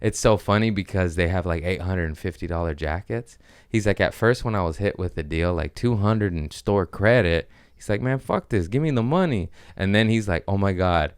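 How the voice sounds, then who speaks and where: Hosting a podcast, this man rambles through funny stories in a casual way, full of profanity and lively impressions. His voice is low and smooth at a moderate pace, recorded in studio quality without echo.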